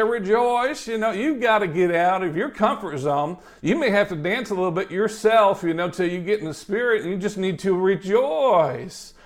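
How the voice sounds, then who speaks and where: High-voiced, upbeat male preacher. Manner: folksy, upbeat, repeats "you know", laughs often. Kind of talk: sermon.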